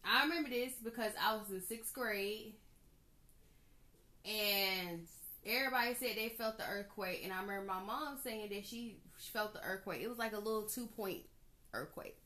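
A woman in her thirties from Georgia hosting a casual solo podcast, chatty and animated, laughing often. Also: mid-range voice, normal speed. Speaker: podcast host.

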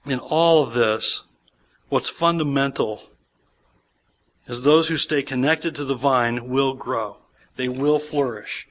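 A man's voice: medium pitch, slow pace, pauses often, fairly bright tone. A man pastor preaching a sermon, emphatic and repeating key words for stress.

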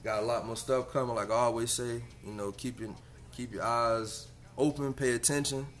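A man's voice: mid-range voice, fairly even intonation, normal speed, a little hiss or hum. Laid-back man hosting a podcast. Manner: laid-back, slang-heavy, emphatic advice. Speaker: podcast host. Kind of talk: casual solo podcast monologue.

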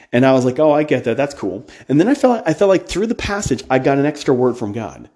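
A man's voice: mid-range voice, sing-song, fast, few pauses, mellow. Blunt, emphatic man preaching. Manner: emphatic, blunt, with restarts and asides. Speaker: podcast host. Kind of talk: casual preaching monologue.

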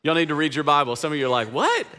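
A man's voice: fairly high pitch, fairly even intonation, rapid-fire, pushed and bright. A male pastor preaching a sermon in a casual, slangy, conversational way with frequent asides to the congregation.

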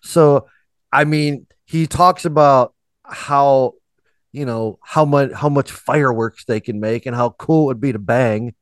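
A laid-back man co-hosts a casual podcast, teasing his partner and tossing in "dude" all the time. His pitch is mid-range, and the sound is dry and close to the mic. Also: measured pace, no echo. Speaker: podcast co-host.

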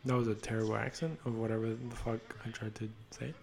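Mid-range and darkish in tone, this young man's voice moves at a quick pace with vocal fry and few pauses. He hosts a podcast, rambling and joking about soccer in casual chat, swearing and making fun of himself.

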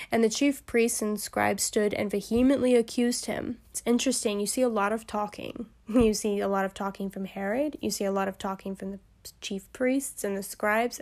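A woman's voice: mid-range voice, creaky, darkish tone. A woman hosting a Bible study podcast, reading passages steadily and breaking into chatty, amused asides.

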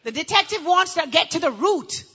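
A woman pastor teaching a church audience about marriage, animated and acting out how people complain. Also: very high-pitched, normal speed, muffled recording.

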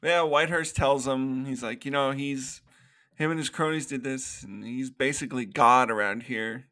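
A man's voice: medium pitch, fairly even intonation, moderate pace, sharp tone. A man co-hosting a podcast, casually retelling movie scenes and laughing often. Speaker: podcast co-host. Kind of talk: casual movie review chat.

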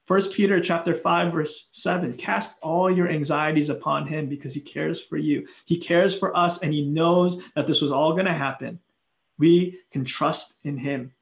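A man preaching a sermon, earnest and animated, with playful acted asides. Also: a little high, normal speed, creaky, roomy sound. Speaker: pastor.

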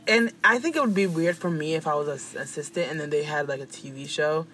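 A woman in casual gossip chat, animated and profane, often acting out quoted voices. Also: low voice, quick pace, a little hiss or hum.

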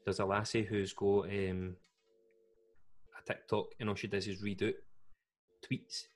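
A young Scottish man with a slightly low voice, co-hosting a podcast. He talks in a loose, jokey, chatty way and laughs often. The delivery is casual and conversational. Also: little pitch movement, a little slow. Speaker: podcast co-host. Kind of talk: casual chat.

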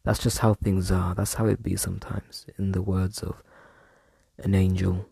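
A young man with a low, gravelly, husky voice, talking in a loose, rambling monologue. His tone is mellow and relaxed, and he keeps drifting off topic with self-mocking slang. The room sounds dry and close. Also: normal speed, no room sound. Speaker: podcast host. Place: room at home.

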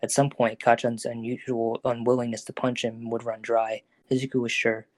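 A man reading the narration of a fan audio drama in a steady storytelling voice. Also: medium pitch, moderate pace, no room sound.

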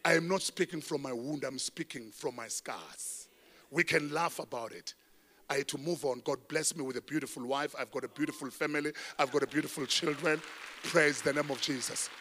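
Bright, high-pitched South African preacher. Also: male voice, a little fast. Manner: animated storytelling preacher, swinging between loud and hushed. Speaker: pastor. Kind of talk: sermon. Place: church.

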